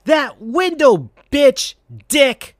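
A man's voice: very high voice, huge pitch swings, normal speed, a bit bright, pitched above the performer's own voice, heavily acted. A man voicing a hot-headed teenage hedgehog boy with a yelping, outraged delivery in a comedic fan-fiction reading.

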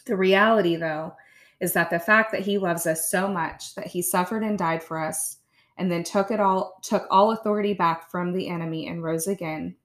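A woman, a podcast host in her thirties, chatting casually with soft laughs and reading her own blog aloud. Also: on the low side, fairly even intonation, normal speed.

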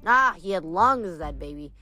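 A woman reading aloud, voicing a bitter, vengeful ancient female water nymph in a slow, menacing way. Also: lowish voice, lively intonation, bright, forceful tone, soft background music.

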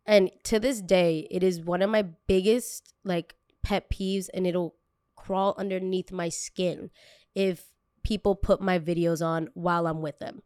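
A woman's voice: on the low side, fairly even intonation, measured pace, a little mellow, clean tone, no echo, clean studio sound. A young woman content creator candidly telling a personal story, emotional and full of casual fillers.

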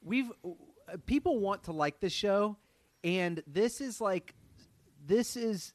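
A man co-hosting a podcast in casual chat, excitable and quick to swear. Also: high voice, no room sound. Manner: excitable, swears often, mock alarm bits. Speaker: podcast co-host.

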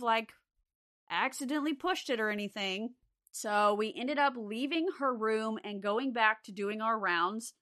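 A young adult woman telling a story from her days as a care aide, relaxed and unhurried, with lots of "like" fillers. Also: on the high side. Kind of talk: casual spoken ghost story.

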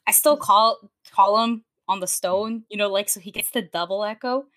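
A woman taking part in a tabletop role-playing game, chatting casually. Her voice is bright and crisp, and she gets excited easily and swears freely. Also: mid-range voice, moderate pace, dry recording. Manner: excitable, swears, bursts into squeals. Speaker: player.

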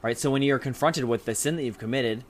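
A man's voice: mid-range voice, quick pace, a little hiss or hum. A man in casual Christian podcast talk, explaining points and checking in with his listener. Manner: explanatory, frequent "right?" check-ins.

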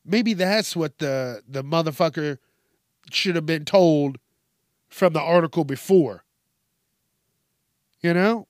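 Slow, outraged man swearing through the news. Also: on the high side, no echo, clean studio sound. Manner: outraged, heavy swearing, emphatic repetition. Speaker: podcast host reacting to news articles. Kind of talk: profane news commentary.

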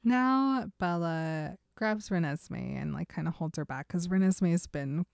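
A woman's voice: on the low side, unhurried, vocal fry, clear, resonant tone, no echo, studio quality. A woman co-hosting a casual chat, retelling a book's scenes and reading quotes aloud with frequent giggles. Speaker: podcast co-host recapping a book.

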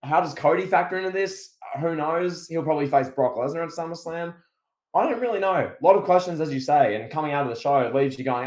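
A man co-hosting a podcast, chatting casually about wrestling in an animated way. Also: a little high, quick pace, roomy sound. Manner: animated, acts out wrestlers in loud mock voices. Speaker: podcast co-host. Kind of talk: casual wrestling review chat.

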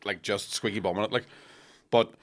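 A Northern Irish man, a comedian, telling sweary stage stories in an animated podcast chat. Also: lowish voice, a little fast.

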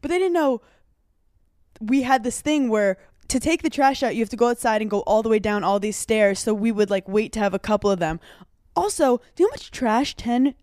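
A woman's voice: on the high side, fairly quick, no room sound. Chatty young woman, dry close mic. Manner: chatty, laughs often, animated storytelling. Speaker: podcast guest. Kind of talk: casual chat.

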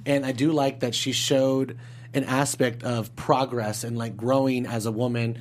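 A woman's voice: rumbling low, steady tone, moderate pace. A woman co-hosting a fan after-show, chatting casually with playful asides. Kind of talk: casual chat.

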